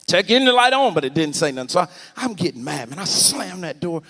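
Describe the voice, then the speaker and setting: A man preaching a storytelling sermon, animated and talking straight to the congregation, often rising to a shout. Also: high-pitched, a little fast, hardly any pauses. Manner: animated, swings to shouting, addresses the congregation directly. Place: large church sanctuary. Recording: long church reverb.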